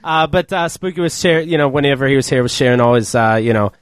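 A man's voice: medium pitch, fast, no echo. A man co-hosting a casual podcast chat, telling stories animatedly and laughing often. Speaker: podcast co-host.

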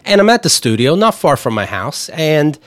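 A man's voice: a little high, sing-song, normal speed, dry recording, studio quality. A man hosting a podcast, telling a profane, ranting story in casual comedic chat. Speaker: podcast host.

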